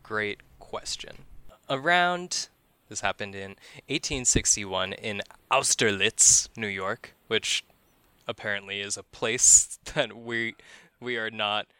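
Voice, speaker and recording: A man's voice: on the low side, slow, sharp tone, clean tone, no room sound. A man hosting a podcast, telling a true-crime story as casual chat, profane and wry, chuckling at grim details.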